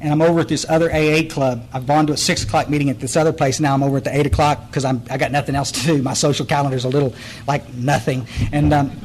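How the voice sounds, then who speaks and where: Guy in his 60s, blunt and direct, tells stories at a recovery meeting, kinda high voice for a man. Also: a little hiss or hum, poor audio. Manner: direct, blunt, storytelling with many restarts. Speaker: AA speaker.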